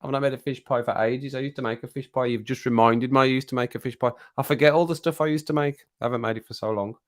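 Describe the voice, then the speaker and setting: Quick-paced and fairly even in intonation, this mid-range male voice belongs to a middle-aged Birmingham man from England hosting a stream. He rambles and jokes casually with the live chat, often breaking into chuckles.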